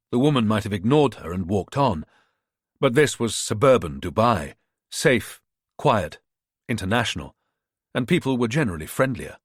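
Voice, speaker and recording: A man narrating a thriller audiobook in a measured, expressive reading. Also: on the low side, breathy edge, no room sound, clean studio sound.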